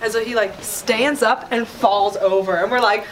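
A woman chatting casually on a podcast, telling a story with lively quoted voices and frequent laughter. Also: a little high, normal speed, raised voice, background noise. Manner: animated, acts out quoted voices, laughs often.

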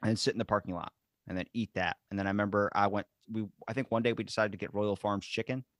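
Fast-talking man with a low voice. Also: no echo, studio quality. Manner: animated storyteller, swears freely. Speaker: podcast host. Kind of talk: casual podcast chat.

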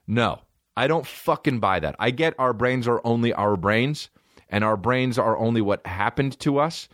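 A man hosting a solo comedy podcast, rambling and swearing as he riffs, bursting into quick mock voices. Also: mid-range voice, animated, fairly bright tone, dry recording, studio quality. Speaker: podcast host. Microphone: phone.

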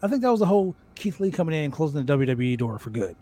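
Brief: man, slightly high voice, excitable rambling podcast co-host, swears freely. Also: rapid-fire. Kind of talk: casual wrestling podcast chat.

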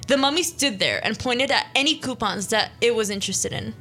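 Bright-voiced young woman hosting a radio show. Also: on the high side, soft background music. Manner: playful, quick, self-interrupting. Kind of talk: casual chat, reading an interactive story aloud. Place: small studio.

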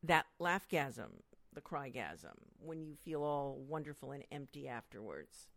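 A woman's voice: a little slow, gravelly, no room sound. A middle-aged woman, a sex educator being interviewed, talking expressively and acting out quotes. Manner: expressive, acts out quotes with big pitch jumps. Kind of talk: animated interview conversation.

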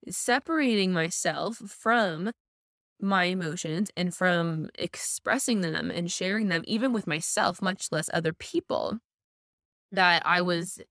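A woman's voice: lowish voice, measured pace, fairly bright tone, dry recording, clean studio sound. A woman co-hosting a podcast, speaking reflectively and personally about her experience, with some hesitant restarts. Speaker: co-host. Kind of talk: casual podcast chat, reflective.

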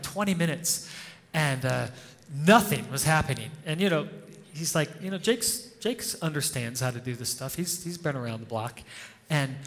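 In a church hall full of long reverb, a male pastor preaches a relaxed, conversational sermon before his congregation, sharing stories and frequently chuckling. He has a slightly high, somewhat bright voice.

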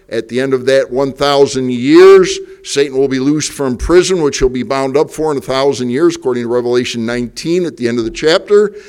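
A man's voice: medium pitch, darkish tone, smooth. A man preaching a Sunday evening sermon in a church, folksy and emphatic, full of rhetorical questions to the congregation. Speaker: pastor. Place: church sanctuary.

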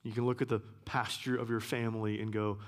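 A man giving a sermon as a guest preacher, earnest, repeating key phrases and sometimes dropping to a hush. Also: lowish voice, level tone, fairly quick. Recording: long hall reverb.

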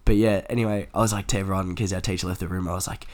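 A young man telling casual stories in a podcast chat, animated and swearing freely, acting out the lines of people he quotes. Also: sits low, rapid-fire.

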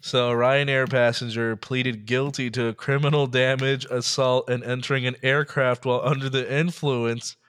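A man's voice: medium pitch, flat delivery, normal speed, few pauses, a bit bright, smooth. A man co-hosting a podcast, casually recounting odd news stories, laughing often and slipping into mock voices. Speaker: podcast co-host.

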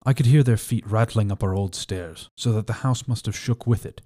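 A man narrating a classic adventure novel as an audiobook reader, in a measured, steady way. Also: fairly low pitch. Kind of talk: scripted narration.

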